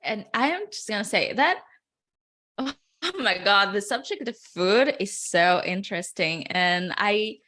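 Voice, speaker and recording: A woman's voice: mid-range voice, lively intonation, a little slow, pushed and bright. A woman co-hosting a podcast, reflecting eagerly in casual chat. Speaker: podcast co-host.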